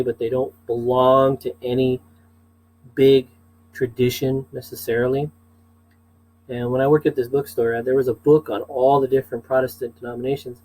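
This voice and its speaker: A man's voice: mid-range voice, rough recording. A man teaching a class in a casual, chatty way, with frequent asides and "okay?" check-ins.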